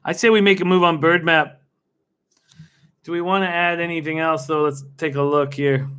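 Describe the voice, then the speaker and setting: Bright, excitable young man streaming live. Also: a little high, normal speed, clear, resonant tone. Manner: excitable, laughs often, chats with viewers by name. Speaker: livestream host betting on horse races. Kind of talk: casual live-stream commentary.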